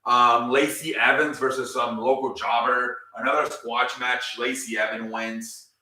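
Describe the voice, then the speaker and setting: A man's voice: mid-range voice, fairly even intonation, a little slow, bright, forceful tone, distant mic. Rambling, easily frustrated man, off-mic echo. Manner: rambling, frustrated, swears often. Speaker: host. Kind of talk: casual improvised recap.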